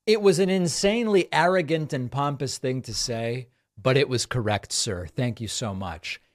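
A man's voice: medium pitch, moderate pace. A man hosting a podcast, delivering sarcastic, cutting political commentary. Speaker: podcast host.

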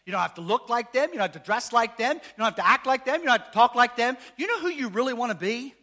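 A man preaching with a high, ringing voice that swoops up and down as he jokes and quizzes his congregation. His delivery is animated and playful, the sound of a pastor working the room in church. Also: fast. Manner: animated, joking, asks the congregation questions. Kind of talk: sermon.

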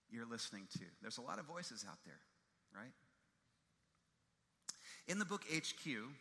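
Bright-voiced male pastor preaching in a hall. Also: medium pitch. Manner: emphatic storyteller who repeats key phrases. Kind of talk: sermon.

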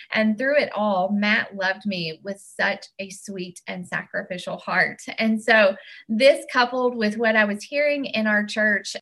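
Woman, faith testimony, earnest, heartfelt, bright clear tone. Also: medium pitch. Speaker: church member giving testimony.

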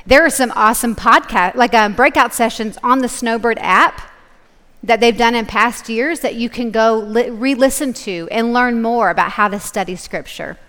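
A woman teaching a live Bible study, her voice a little high and carrying a long echo through a large hall. She talks in a relaxed, chatty way, laughing easily and checking in with her listeners. It sounds like a talk given from a stage to a room full of people. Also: moderate pace. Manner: casual, laughing, keeps checking in with "okay?". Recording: echoey hall.

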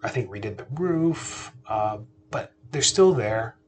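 A man's voice: medium pitch, lively intonation, slow, a little mellow, slight background noise. A man in his thirties, a podcast host, telling a personal family story in a casual chatty way, often restarting sentences and asking listeners rhetorical questions.

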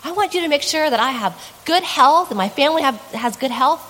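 A woman voicing a hurried pleading blind man. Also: sits high, lively intonation, a bit bright, big-room sound, voice pushed up. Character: imagined blind man listing worldly wishes, a grown man.

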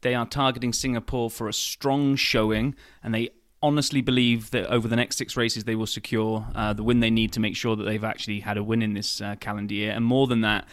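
A man's voice: lowish voice, level tone, a little fast, hardly any pauses, dry recording, studio quality. A man hosting a podcast in casual chat, upbeat and full of restarts. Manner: upbeat, many fillers and restarts. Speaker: podcast host.

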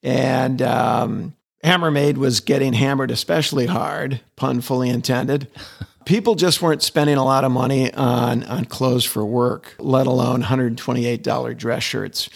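The guest, a middle-aged advertising executive, has a mid-range voice that's steady, a little slow, creaky, and husky. Chatting enthusiastically in the interview, he tends to repeat words as he begins sentences again.

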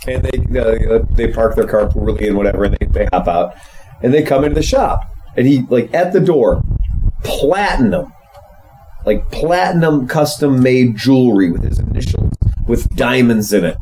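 A man with a mellow, relaxed voice tells a shop story on a podcast in a sardonic, swearing way. His pitch swings widely as he tells it, with a faint hiss of noise behind him. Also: moderate pace, low-quality recording. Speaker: podcast co-host and motorcycle shop owner. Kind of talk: casual podcast chat.

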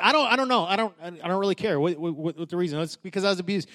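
A man preaching a sermon with passion, repeating himself, rising from quiet talk to loud declarations. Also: sits high, fast. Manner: passionate, building to loud declarations with frequent restarts. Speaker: pastor.

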